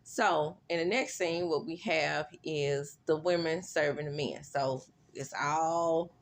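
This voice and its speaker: A woman's voice: low voice, slow pace. Chatty woman recapping a reality show. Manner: chatty, animated, laughing asides.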